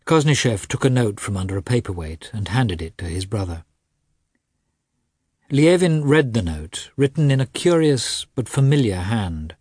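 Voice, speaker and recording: Low husky male audiobook narrator. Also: very animated, normal speed, a little mellow, no echo, clean studio sound.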